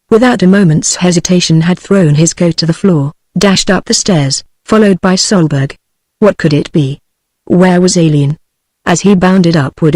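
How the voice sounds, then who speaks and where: Computer-voiced british lady reading a book, flat even delivery, super dry sound. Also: fairly low pitch, dry recording. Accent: British English. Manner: even, uninflected delivery of dialogue and narration. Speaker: narrator. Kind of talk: synthetic audiobook reading.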